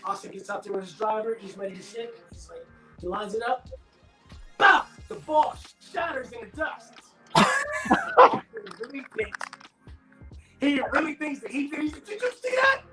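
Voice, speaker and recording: A middle-aged actor being interviewed, telling stories in a loose, animated way and acting out his friends' voices. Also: very high voice, normal speed, reverberant, soft background music, low-quality recording. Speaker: actor guest. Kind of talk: casual interview storytelling.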